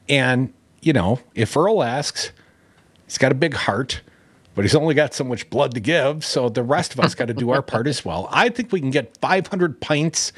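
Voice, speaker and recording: A man hosting a call-in talk radio show, joking and bantering in a lively way. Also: medium pitch, breathy edge, no echo. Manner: lively, joking, animated delivery.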